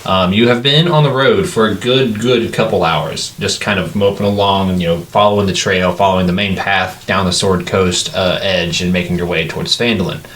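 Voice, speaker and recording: Low-voiced man running a tabletop game. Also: fairly even intonation, normal speed, hardly any pauses, fairly bright tone, a little hiss or hum. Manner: loose, rambling narration with many fillers and laughs. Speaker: game master.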